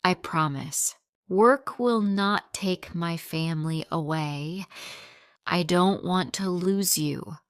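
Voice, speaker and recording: A weary husband and father, sorry for how he has lived, spoken slowly in a smooth, low-set voice as a woman reads him. The sound is dry and close, like a storybook reading. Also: no room sound. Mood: remorseful. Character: tired hardworking husband and father, remorseful.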